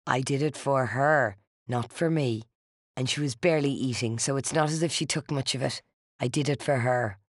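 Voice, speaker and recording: A reader doing a resentful older woman in an audiobook, low and quiet with a simmering menace that breaks into hisses and furious shouting. Her pitch sits mid-range, and the recording is dry and close with no room sound. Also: normal speed, no room sound, close to an everyday voice. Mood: cold menace. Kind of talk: audiobook character voice.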